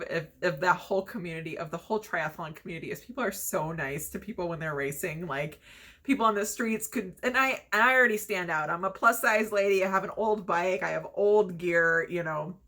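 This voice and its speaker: A woman's voice: on the low side, normal speed, fairly bright tone. A young woman casually telling a personal story, chatty and laughing often between fillers. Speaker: vlogger telling her story.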